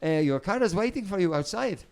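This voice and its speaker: A man's voice: sits high, expressive, quick pace, creaky, pitched above the performer's own voice. A man putting on a pushy young Italian hotel girl. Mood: insistent. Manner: broken English, pushy and repetitive. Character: young Italian woman hotel worker, polite, insistent.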